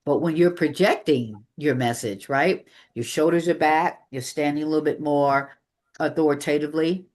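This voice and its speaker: Presenter type: energetic speaking coach, mid-pitched, emphatic, working a live meeting room. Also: moderate pace. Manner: energetic, emphatic, varies pace for demonstration.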